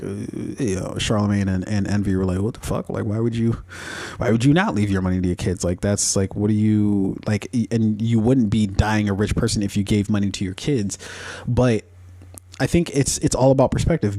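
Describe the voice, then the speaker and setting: A man hosting a casual commentary podcast, his voice warm and mellow rather than bright. He rambles through his points with plenty of fillers, curses freely and laughs at his own asides. The sound is dry and close, with no room echo. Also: on the low side. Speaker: podcast host.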